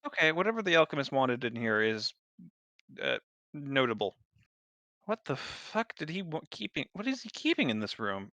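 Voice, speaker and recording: Blunt bright-voiced man at the game table. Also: medium pitch, sing-song, moderate pace, dry recording. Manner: blunt, swears freely. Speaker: player. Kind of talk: casual tabletop chat.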